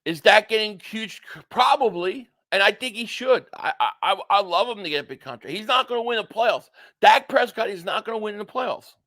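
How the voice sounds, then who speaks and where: A man's voice: sits high, a little fast, hardly any pauses. A man hosting a live sports reaction stream, reading viewer super chats aloud and ranting bluntly, with some swearing. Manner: excitable, blunt, ranting, profane.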